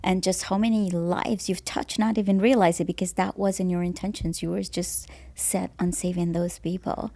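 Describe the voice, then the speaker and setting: A woman's voice: fairly low pitch, fairly even intonation, normal speed, hardly any pauses, warm tone. A woman hosting an interview podcast, affirming and reflective, with frequent short agreeing replies. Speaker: podcast host.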